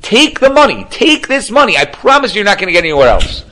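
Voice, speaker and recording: A man voicing a wealthy, excitable follower who haggles loudly in a told story. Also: moderate pace, husky. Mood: pleading. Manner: high, loud, exasperated bargaining.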